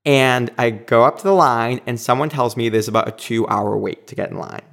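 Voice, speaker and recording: A man casually telling a personal anecdote, animated and quick to act out what others said. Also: medium pitch, creaky. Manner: animated, acts out quoted lines. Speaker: storyteller.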